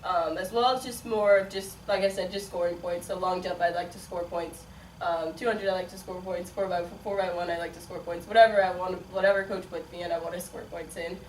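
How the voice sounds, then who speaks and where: Speaking a little fast in a steady, lowish voice, this Midwestern college sprinter in her twenties answers interview questions. Originally from Chicago and partly raised in Las Vegas, she's chatty, laughs frequently, and fills her talk with likes and ums, while the distant mic picks up room echo and faint noise.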